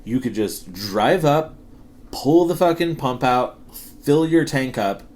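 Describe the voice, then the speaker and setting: A man's voice: mid-range voice, slow. A man in his thirties, co-hosting a podcast, telling work stories in a casual, profane, laughing way. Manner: profane, laughing, animated storytelling. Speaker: podcast co-host. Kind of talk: casual storytelling chat.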